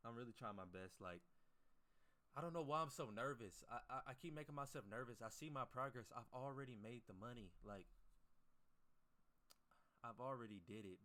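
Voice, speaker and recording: A man's voice: fairly low pitch, a bit bright. A man day trader chatting casually to his livestream viewers, rambling and profane as he gives his chat a pep talk.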